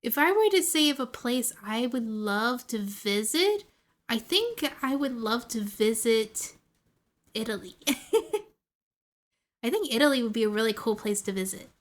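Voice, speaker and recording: Giggly high-voiced woman streamer. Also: expressive, unhurried. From United States. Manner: chatty and giggly, talking to chat. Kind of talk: casual game stream chat.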